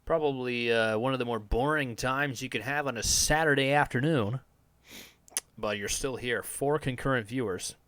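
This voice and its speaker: A man's voice: medium pitch, moderate pace, fairly bright tone, no echo. A man hosting his own podcast as a live stream, rambling and sardonic, swearing often and restarting his sentences. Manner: meandering, profane, full of fillers and restarts. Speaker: podcast host.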